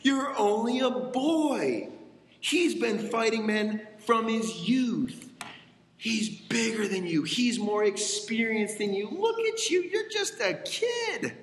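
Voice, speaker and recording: A man's voice: high-pitched, expressive, normal speed, gravelly, a bit bright, pitched above the performer's own voice, full character voice. A man voicing a fearful, doubting king, with echoey hall reverb.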